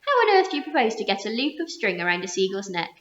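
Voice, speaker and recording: A woman voicing an indignant, panicky male earthworm who protests loudly in a storybook reading. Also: sing-song, quick pace. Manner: shrill, loud protesting. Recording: roomy muffled recording.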